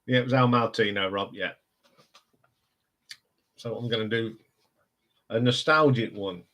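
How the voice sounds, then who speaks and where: A man's voice: lowish voice, fairly even intonation, measured pace, a bit bright. A man with a Northampton accent, hosting a casual live stream chat and rambling with frequent laughs. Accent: Northampton English. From England. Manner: chatty, rambling, laughs often.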